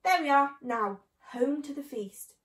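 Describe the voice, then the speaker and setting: A woman's voice: high-pitched, animated, unhurried, a bit bright, reverberant, recorded from a distance. A woman doing a jolly clever father fox. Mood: pleased.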